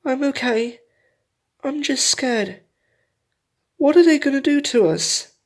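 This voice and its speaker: Guy doing a scared lil fox cub, squeaky high, whimpery. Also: slow pace, full character voice. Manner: timid, whimpering. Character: young male fox cub, scared and small. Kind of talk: reading a fan story aloud.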